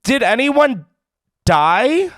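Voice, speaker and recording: Animated swearing man hosting a call-in show. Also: extremely high pitch, very slow, no room sound, clean studio sound. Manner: animated, swearing, laughing, joking incredulity. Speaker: podcast host. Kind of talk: casual call-in chat.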